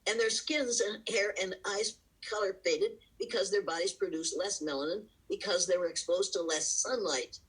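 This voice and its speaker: A woman speaks as an interview guest over a video call. Her voice is heavily husky and raspy, and her tone is emphatic and lecturing. She drives home each point with rhetorical questions and laughs between them. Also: medium pitch, normal speed, few pauses, fairly bright tone, rough recording. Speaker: interview guest, diversity educator. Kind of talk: impassioned lecturing interview answers.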